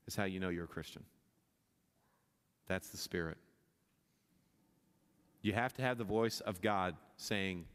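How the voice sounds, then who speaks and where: Casting: male pastor, lowish voice, passionate sermon delivery, long church-hall reverb. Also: clear, resonant tone. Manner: impassioned, rising in pitch and volume at climaxes, many restarts. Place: church sanctuary.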